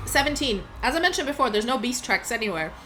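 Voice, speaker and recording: Woman running a tabletop game, bright tone, slightly high voice, chatty, hesitant fillers. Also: expressive, quick pace, faint music behind. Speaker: game master.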